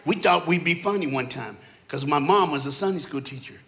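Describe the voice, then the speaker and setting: A man with a high, bright, ringing voice preaching from a church stage. He tells comic family stories in short, punchy bursts. He slips into the voices of the people in them as he goes. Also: fairly quick. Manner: animated, punchy storyteller who acts out family characters. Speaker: guest preacher. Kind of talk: comedic storytelling sermon.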